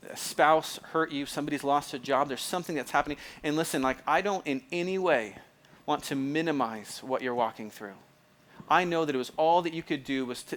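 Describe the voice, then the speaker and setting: A man's voice: a little high, fairly bright tone. A man preaching a sermon as pastor, in a conversational way, often repeating phrases, restarting and checking in with the listeners. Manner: conversational, repeats phrases, asks the audience if it makes sense; restarts and stumbles often, fills with "like".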